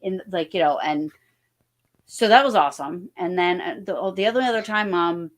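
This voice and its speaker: A New Jersey woman, appearing as a guest paranormal investigator, tells stories casually on a podcast. Her voice sits on the low side at a normal speed, and her talk rambles with lots of fillers and restarts.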